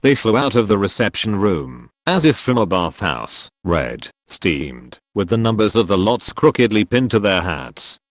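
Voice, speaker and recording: A man narrating a historical audiobook in a solemn, measured read. His voice sits fairly low but rises and falls a lot. It is recorded close and dry, with no room sound. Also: very animated, no room sound. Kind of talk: scripted narration of a historical novel.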